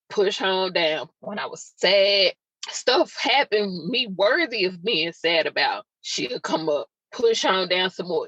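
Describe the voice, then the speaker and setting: An unhurried podcast host with a husky, fairly bright mid-range voice and lively intonation tells a personal story emotionally and rawly, confiding in listeners through chatty asides. Her dull lo-fi recording is dry with no room sound.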